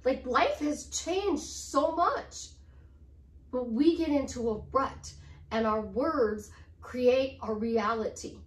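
A woman's voice: sits high, slow pace. A middle-aged woman life coach chatting to camera in an upbeat way, repeating affirmations with chatty asides. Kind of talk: casual motivational talk to camera. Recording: roomy sound, distant from the mic.

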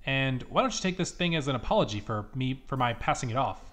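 A man's voice: mid-range voice, expressive, quick pace, fairly bright tone, soft background music, lightly acted. A man voicing a slick street hustler in a video game, breezy and offhand.

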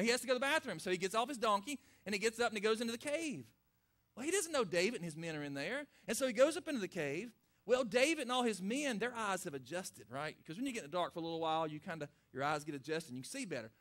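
A man's voice: sits high, a bit bright. A middle-aged man preaching a sermon, retelling a Bible story in a folksy way and acting out the characters' lines. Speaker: pastor.

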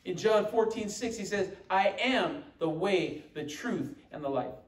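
A man's voice: high voice, animated, a little slow. Male pastor, fervent sermon delivery, roomy church echo. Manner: emphatic, quoting scripture with call-and-response. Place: church sanctuary. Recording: echoey church room from far off.

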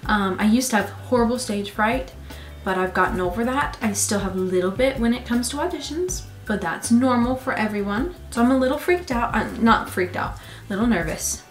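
A teenage girl with a high voice vlogs to camera, talking fast and eagerly to her viewers. Light music plays faintly behind her. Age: teens. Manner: excitable, gushing, addresses viewers as guys. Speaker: vlogger. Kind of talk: casual vlog talk to camera.

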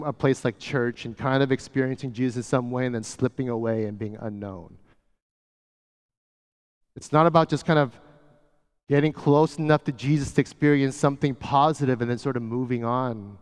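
A man preaching a sermon as pastor, talking casually and often dropping to a soft, hushed voice. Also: medium pitch. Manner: conversational, often drops to a soft hush. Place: church sanctuary. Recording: church hall with long reverb.

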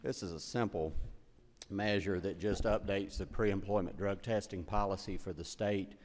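A man's voice: low-pitched, fairly even intonation, moderate pace, a little mellow. A man, slightly out of breath, presenting a bill to a committee in a plain, matter-of-fact way. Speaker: state legislator presenting a bill. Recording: echoey hearing room.

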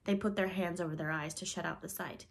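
A woman narrating a children's classic aloud, with a gentle, measured delivery. Her voice sits a little low for a woman. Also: steady tone, vocal fry. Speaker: storybook reader. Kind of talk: audiobook narration.

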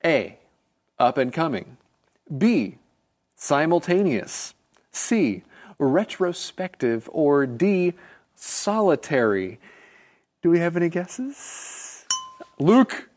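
Male lesson co-host, playful, clear quiz-reading delivery. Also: fairly high pitch, very animated, slow, long pauses, darkish tone. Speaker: co-host of an English lesson show. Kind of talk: scripted English lesson and quiz hosting.

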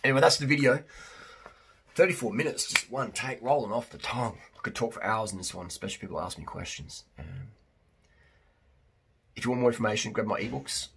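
A man's voice: mid-range voice, brisk, creaky, pauses often, fairly bright tone, a little hiss or hum. A man talking casually to camera as a fitness vlogger and coach, emphatic and blunt, with many restarts.

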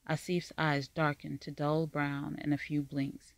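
A narrator reading a fantasy story aloud in a measured, even storytelling manner. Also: mid-range voice, vocal fry, dry recording. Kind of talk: scripted audiobook narration.

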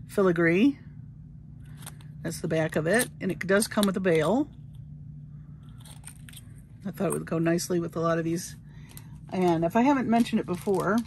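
A woman's voice: fairly low pitch, a little hiss or hum. A woman showing her bead haul in a casual, gushing, chatty way. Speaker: crafting vlogger. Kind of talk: casual show-and-tell haul.

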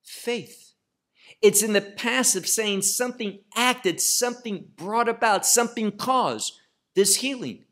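A man with a high-pitched, fairly bright voice leads a verse-by-verse teaching through a Bible passage. His pace is slow and emphatic, and he asks and answers his own questions.

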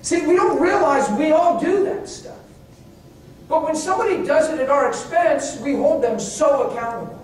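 A man preaching in a very echoey hall, picked up from well away from the mic with faint noise underneath. He tells personal stories with animated swings from hushed asides to high, excited exclamations. His voice sits at a middle pitch. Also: normal speed, far from the mic. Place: church meeting hall.

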